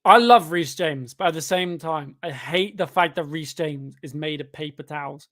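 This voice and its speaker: Young man, slightly higher voice, tired, chatty, sudden shouts at chances, live football watchalong. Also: moderate pace. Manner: chatty, bursts of excitement at the game. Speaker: livestreamer reading chat during a match.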